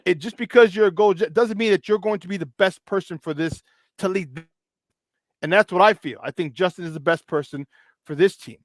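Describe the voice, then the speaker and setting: A man hosting a sports talk show, with a high voice for a man. He talks emphatically and fires off question after question. The sound is dry and close. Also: dry recording. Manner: emphatic, keeps asking "all right?"; asks rapid questions.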